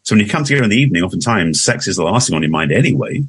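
A man in his sixties with an English accent speaks quickly in a deep, slightly husky voice. He rambles and restarts his sentences in easy conversation. The recording is dry and close. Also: lively intonation, fairly bright tone, no echo. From England. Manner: rambling, restarts often, laughs easily. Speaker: guest. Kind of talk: casual interview conversation.

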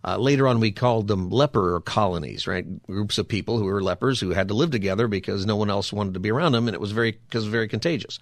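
A man's voice: fairly low pitch, fast talker, few pauses, dry recording, clean studio sound. A man hosting a show and giving a conversational Bible teaching, explaining scripture in an easy, chatty way with frequent rhetorical asides to the listener. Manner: chatty, asks rhetorical 'right?' and 'you know?' asides.

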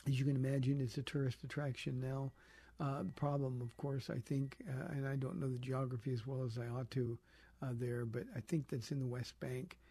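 A man's voice: mid-range voice, warm tone, slightly rough, dry recording. A man, a pastor, answering callers' Bible questions on a live call-in radio show, in a conversational, thoughtful way with many fillers.

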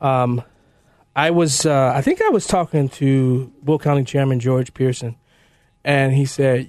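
A middle-aged man hosting a talk radio show, joking and animated, introducing a guest. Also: medium pitch, a little slow, no echo, studio quality. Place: radio studio. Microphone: studio mic.

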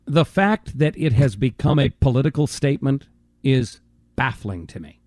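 Emphatic lively-voiced radio host. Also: male voice, medium pitch, normal speed, dry recording, studio quality. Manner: emphatic, repeats words when starting a point. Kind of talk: casual talk radio debate.

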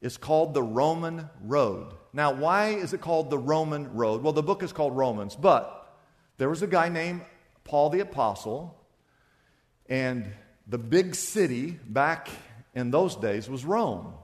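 A male pastor preaching a sermon, acting out back-and-forth dialogues in a lively, conversational way. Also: fairly high pitch, measured pace, long reverb tail.

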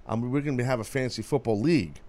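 A man hosting a radio show, teasing his cohost and callers in loud, casual banter. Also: medium pitch, racing. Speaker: radio host.

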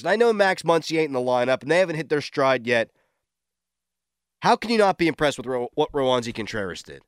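A man hosting a morning sports talk radio show, excitable and quick to shout in disbelief. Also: medium pitch, clear, resonant tone, dry recording, clean studio sound.

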